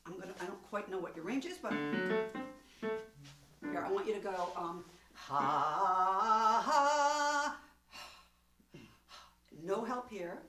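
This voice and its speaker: A woman's voice: medium pitch, quick pace, hardly any pauses, soft background music. A woman teaching a one-on-one singing lesson, coaching and demonstrating in an encouraging way. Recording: echoey room, voice from a distance.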